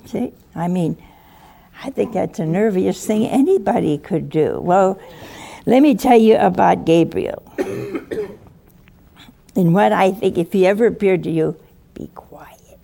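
An older woman giving a lively sermon, acting out voices from the story and chuckling often. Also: medium pitch, measured pace, vocal fry, long pauses. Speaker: preacher.

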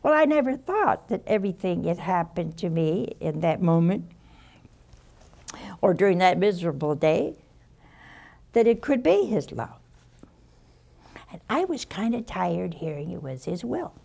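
An older woman, a nun, giving an informal spiritual talk full of personal stories, folksy and unhurried with sighs and soft asides. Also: fairly low pitch, very animated, vocal fry.

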